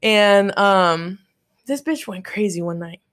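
Speaking slowly at a medium pitch, a young woman recounts a story in casual conversation. She curses freely, stays animated, and imitates people's voices when quoting what they said.

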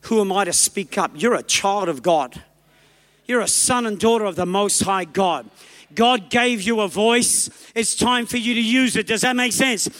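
Guy preaching hard, quick emphatic bursts, big echoey church hall. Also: high voice, fairly bright tone. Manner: emphatic, exhorting, rapid bursts. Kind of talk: sermon.

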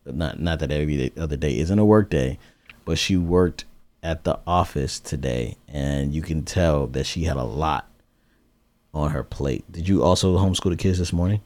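A man's voice: extremely low pitch, normal speed, darkish tone. A man co-hosting a podcast, talking in a laid-back, slangy, casual way. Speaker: podcast co-host. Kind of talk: casual chat.

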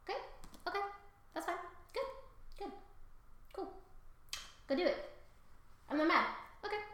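A foul-mouthed, vengeful old king who insists he isn't mad and then erupts, yelling and swearing over and over, as a woman puts him on. The voice runs high and bright and rings through a very echoey room. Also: lively intonation, a little slow, heavily acted. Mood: fake calm. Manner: swears constantly, repeats himself, erupts into shouting. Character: scheming older male king, fake-calm then explosive.

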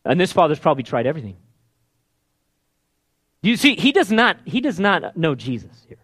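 A man preaching a sermon, retelling a Bible story and acting out the characters' pleas, dropping to a hush and then rising loud. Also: on the high side, a little fast, husky. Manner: animated, acts out quoted pleas in hushed then loud voices.

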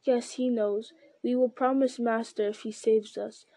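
A woman's voice: on the high side, fairly even intonation, a little slow, warm tone, no room sound. A woman voicing a wretched, whining male creature who pleads and repeats himself. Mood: pleading. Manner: whimpering, repetitive pleading.

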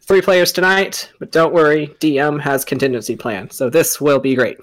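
A man acting as dungeon master, chatting casually with his players on a stream. His voice sits a little higher than most men's, and he delivers housekeeping news in a light, joking manner. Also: fairly even intonation, moderate pace, fairly bright tone. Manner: joking, easygoing announcements.

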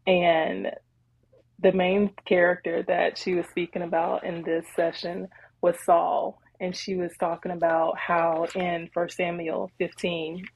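A woman co-hosting a podcast, retelling a Bible story in casual chat with animated, laughing energy. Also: lowish voice, unhurried, gravelly, slightly rough, muffled recording. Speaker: podcast co-host.

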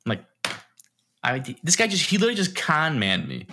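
This young podcast co-host has a slightly high, husky voice and speaks fairly quickly. Chatting casually, he tells a story with lots of energy and performs each quote.

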